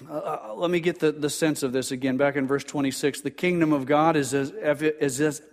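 A man's voice: fairly high pitch, fairly even intonation, moderate pace, long reverb tail. An older man preaching a sermon as pastor, earnest, often stumbling and repeating words as he builds emphasis, on a pulpit microphone.

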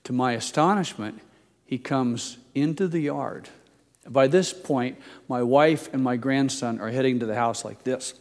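An older pastor delivers a sermon in a relaxed, conversational way, poking fun at himself as he tells a story. His voice sits at an ordinary middle pitch for a man. It carries a long reverb from a church hall. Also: a little slow. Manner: conversational storytelling, self-deprecating.

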